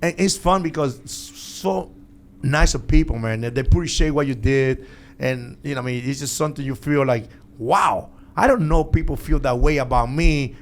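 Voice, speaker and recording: A middle-aged man talking as a guest in a podcast studio, animated and laughing often, speaking English with loose, non-native grammar. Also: medium pitch, moderate pace. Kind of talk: casual podcast chat.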